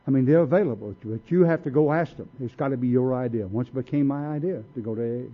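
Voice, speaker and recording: At a recovery meeting, a man with a medium-pitched voice tells his own story at a quick clip. He's blunt and streetwise, acting out what people said to him, and the recording sounds tinny, like a phone.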